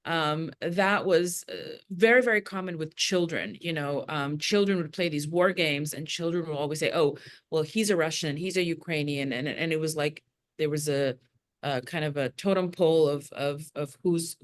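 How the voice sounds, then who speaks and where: Earnest lower-voiced woman telling stories. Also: moderate pace. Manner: earnest, repeats words as she explains. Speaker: podcast guest, Jewish educator. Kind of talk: conversational storytelling.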